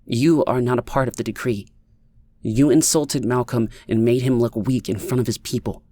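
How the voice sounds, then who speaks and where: A man's voice: medium pitch, fairly even intonation, moderate pace, dark tone, no room sound, lightly acted. Brief: a man doing a curt, smug pregnant woman for an audiobook, slightly raised voice, dry sound. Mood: urgent. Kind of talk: audiobook character voice.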